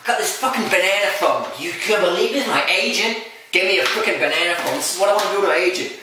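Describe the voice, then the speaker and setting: A man's voice: sits high, quick pace, noisy background, natural voice. A man putting on a parody impression of a crude male Hollywood actor who rambles profanely about craving drugs. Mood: ranting. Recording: echoey room, far from the mic.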